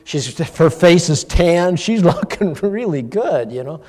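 A middle-aged man, a pastor, giving an informal sermon, telling a personal story in a folksy, animated way with chuckles. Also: fairly high pitch, slow pace. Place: church hall. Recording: long church-hall reverb.

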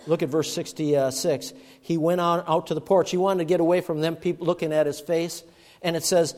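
Male preacher, a bit high-voiced, booming then hushed, in a reverberant church. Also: a little fast. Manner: swings from loud emphatic bursts to hushed murmurs. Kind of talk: sermon. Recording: long reverb of a large hall.

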